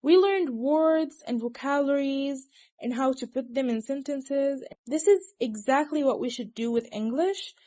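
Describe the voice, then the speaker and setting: A woman's voice: high-pitched, dark tone. A young woman who speaks natively, giving casual, teasing study advice to her viewers and laughing often. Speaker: language tips presenter.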